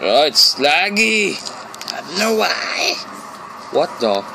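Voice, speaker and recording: A man plays a horror game alone in his room, his slightly high voice moving at an unhurried, drawn-out pace. He talks in jumpy, nervous bursts and repeats himself. A steady hiss of noise sits under the home recording. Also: creaky, poor audio. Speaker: let's play gamer.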